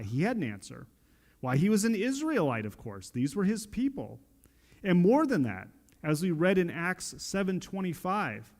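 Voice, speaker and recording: Animated man preaching a sermon. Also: a little high. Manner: animated preaching with frequent restarts. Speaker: pastor. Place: church sanctuary.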